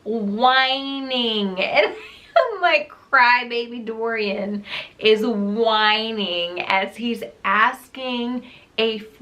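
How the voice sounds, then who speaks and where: Exasperated woman book reviewer, bright and fairly high, unhurried delivery. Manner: exasperated, emphatic, often laughing. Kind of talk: casual ranting book wrap-up.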